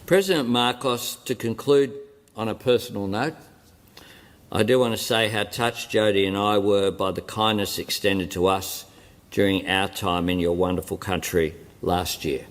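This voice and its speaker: A lower-voiced Australian man addresses a parliament chamber with a formal, carefully paced speech. He breaks his sentences into short, deliberate phrases. The large hall leaves a long reverb trailing behind each line. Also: steady tone. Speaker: head of government addressing parliament.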